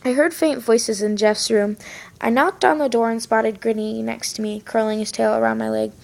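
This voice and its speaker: A woman reading her fan fiction aloud in first person, plain and unhurried. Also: fairly high pitch, steady tone, creaky, darkish tone. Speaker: story reader.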